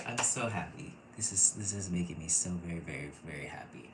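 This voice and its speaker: A man in his thirties teaching a casual online intuition class, gushing and excitable and often laughing. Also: sits low, a little fast, hardly any pauses. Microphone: computer mic, off camera. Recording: echoey room with faint noise.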